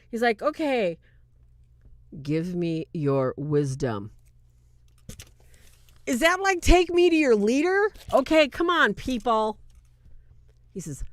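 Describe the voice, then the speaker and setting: Animated woman reviewing a film, dry sound. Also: fairly high pitch, no echo. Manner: animated and incredulous, often laughing. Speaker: video host. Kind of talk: casual movie review commentary.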